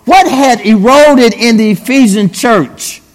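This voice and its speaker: A man preaching a sermon emphatically, repeatedly addressing his listeners as brethren. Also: extremely high pitch. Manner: emphatic, repeatedly saying "brethren", drawn-out pauses. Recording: long hall reverb.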